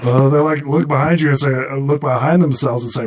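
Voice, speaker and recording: A man's voice: medium pitch, steady tone, brisk, heavy background noise. A man narrating a tabletop game as game master, hesitant and full of fillers.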